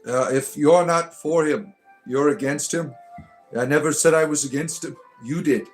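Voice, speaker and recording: A man's voice: fairly high pitch, moderate pace, faint music behind. Irreverent joking man on a livestream. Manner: irreverent, joking, mock-preachy asides. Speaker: livestream host answering chat. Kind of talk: casual joking livestream chat.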